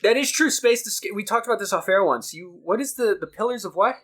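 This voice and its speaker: Lively, laughing male podcast host. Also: high-pitched, fast talker. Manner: rambling, laughs often, swears. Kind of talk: casual podcast chat.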